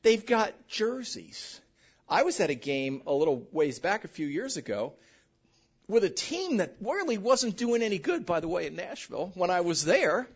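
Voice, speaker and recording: Captured on a muffled, lo-fi recording, this woman pastor has a fairly low voice with a breathy edge and a normal pace. Her sermon is animated, full of joking stories delivered directly to the congregation.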